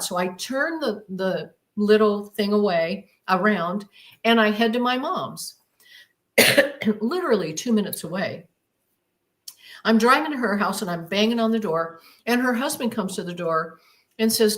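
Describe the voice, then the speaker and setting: A woman at a middle pitch retells her story as an interview guest. She talks with emphasis and drama and voices her own thoughts aloud as she goes. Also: expressive, a little slow, fairly bright tone.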